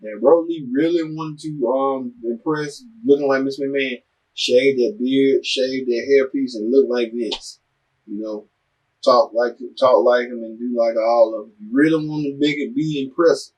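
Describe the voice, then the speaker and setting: A man hosts a news show with a husky, slightly breathy voice. He rambles loosely through the items, leaning on ums and restarts. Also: mid-range voice, steady tone, moderate pace, poor audio. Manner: loose, rambling, filler-heavy. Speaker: show host. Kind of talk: news-style commentary.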